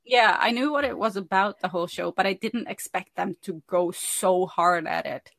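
A woman hosting a podcast in casual chat, steering the conversation in a relaxed way. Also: medium pitch, moderate pace, gravelly, dry recording. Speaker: podcast host.

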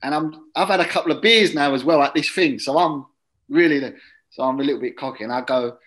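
A man telling a long casual anecdote as an interview guest, chatty and drifting into quiet muttered asides. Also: a little high, fast, low-quality recording. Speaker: guest, former footballer.

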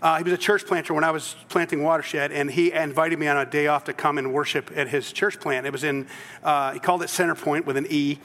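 Pastor, male, high bright voice, animated storyteller, church hall echo. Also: quick pace. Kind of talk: sermon.

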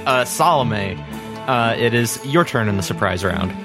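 A man narrates a tabletop game as game master in a loose, chatty way, full of fillers and laughs. His pitch rises and falls in a lively way. Faint music plays in the background. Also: a little slow.

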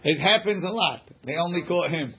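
A man's voice: on the high side, expressive, normal speed. A man teaching an informal text-study class, translating passages line by line in a conversational way. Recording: dull lo-fi recording.

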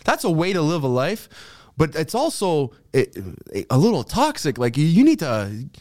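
A man's voice: on the high side, huge pitch swings, normal speed, darkish tone, no room sound, clean studio sound. A man as a podcast guest chatting casually, stammering and restarting his sentences. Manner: stammers, restarts, laughs along. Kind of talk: casual chat.

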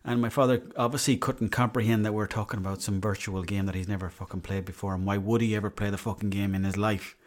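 The Irish podcaster, a man in his thirties, talks fast with few pauses in a fairly low, steady voice. Alone on the mic, he rambles chattily through his stories and swears freely.

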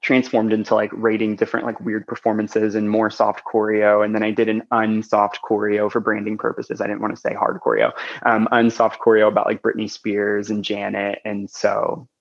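A man with a low, gravelly voice talks as a podcast guest. He rambles in casual chat with many likes and restarts, and the recording sounds dull and lo-fi. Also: completely flat delivery, moderate pace, few pauses.

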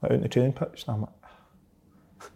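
A man with a Scottish accent and a creaky mid-range voice recounts a story at a moderate pace during casual chat. Animated and laughing often, he acts out people's quotes.

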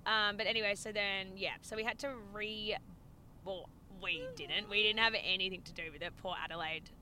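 A young woman, co-hosting a casual podcast chat, animated and swearing a lot as she laughs through a story. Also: medium pitch, normal speed. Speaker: podcast co-host. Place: inside a car. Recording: car recording with road noise.

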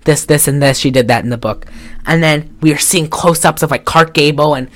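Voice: medium pitch, fairly quick. A podcast co-host in a casual chat, retelling a film with lots of fillers and restarts. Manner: rambling, chatty, with many fillers and restarts.

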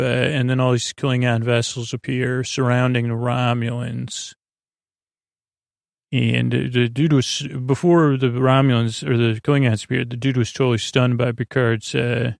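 A man's voice: medium pitch, little pitch movement, measured pace, gravelly, no echo, clean studio sound. A man hosting a podcast, rambling through a loose, casual retelling of a TV episode and paraphrasing the characters' lines. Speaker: podcast host.

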